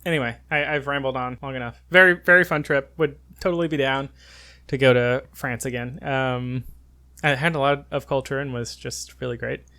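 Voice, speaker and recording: A man's voice: mid-range voice, fairly even intonation, moderate pace, sharp tone. A man in his twenties co-hosting a podcast, telling rambling travel stories full of fillers and frequent laughs. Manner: rambling storyteller, laughs often, many fillers. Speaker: podcast co-host. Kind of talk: casual chat.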